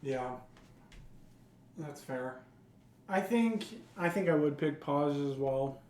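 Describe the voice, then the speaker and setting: A woman's voice: low-pitched, slow, a little mellow, roomy sound, a little hiss or hum. A woman co-hosting a podcast in casual chat, asking questions and testing the logic of each point. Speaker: podcast co-host.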